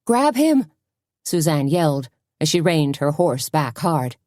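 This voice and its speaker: A woman narrating a cozy mystery audiobook in an expressive storytelling manner. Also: deep voice, measured pace, dry recording, clean studio sound. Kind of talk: scripted narration.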